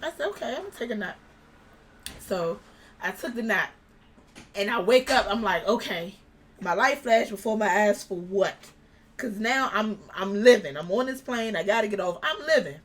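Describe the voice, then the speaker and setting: As an interview guest, a young woman animatedly recounts something from her own life in a casual way, voicing the words of the people involved. Her voice is mid-range and her pace moderate.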